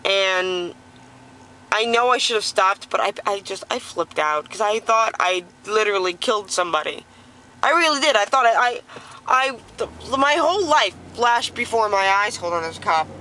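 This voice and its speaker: A young woman in a car, telling a story casually in an excited, profane, rambling way with many restarts. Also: medium pitch, normal speed, low-quality recording. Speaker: vlogger. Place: inside a car while driving.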